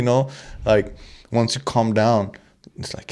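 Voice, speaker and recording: Rambling, profane young man, lowish voice. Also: takes it slowly, darkish tone. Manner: rambling, profane, jokey, with restarts. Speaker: podcast host. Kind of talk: casual chat.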